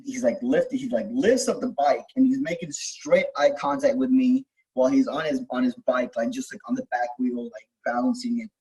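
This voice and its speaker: A man's voice: medium pitch, darkish tone, husky, poor audio. A young man telling a personal story in casual, rambling talk, full of fillers, restarts and swearing, as host of a self-help video.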